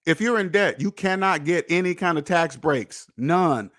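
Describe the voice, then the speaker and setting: Preachy, emphatic man, fairly high voice. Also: expressive, moderate pace. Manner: emphatic, preachy, repetitive, with profanity; swings between loud jabs and low muttered asides. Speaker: podcast host. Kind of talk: personal finance monologue.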